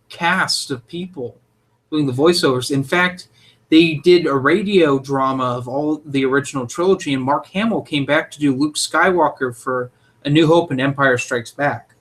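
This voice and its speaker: A young man co-hosting a casual chat, opinionated and jokey, with animated delivery. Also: on the high side. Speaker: podcast co-host.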